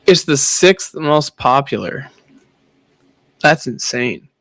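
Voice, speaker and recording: A man's voice: medium pitch, lively intonation, slow pace, fairly bright tone, no echo. A young man streaming, telling a profane party story with frequent laughter. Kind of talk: casual chat.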